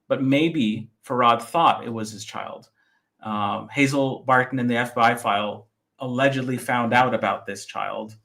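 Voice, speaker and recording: A man's voice: medium pitch, a bit bright. Methodical man walking through research points. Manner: methodical, lists points by number. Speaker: author discussing his book. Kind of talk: podcast interview, explaining research.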